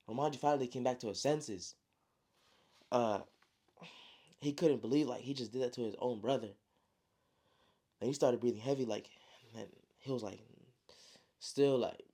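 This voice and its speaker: A man's voice: mid-range voice, dark tone. A man casually retelling his own story like a friend, slangy and full of spoken sound effects. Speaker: storyteller, author.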